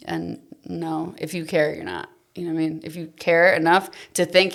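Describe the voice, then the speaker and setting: Candid female podcast guest, deep with fry, confessional storytelling. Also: lively intonation, a little fast. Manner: emotional, confessional, trails off softly.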